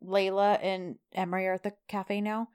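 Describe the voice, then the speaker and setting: A woman co-hosting a casual chat, retelling a drama episode with lively, acted-out lines and laughter. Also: medium pitch, normal speed, clean tone. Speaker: podcast co-host recapping a TV drama.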